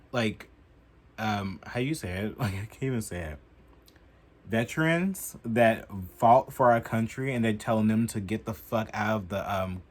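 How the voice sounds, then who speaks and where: A young man giving heated, profane political commentary in a casual vlog, filling his talk with "like" and getting loud as he goes. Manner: heated and profane, heavy use of "like"; animated, jumping in pitch and loudness.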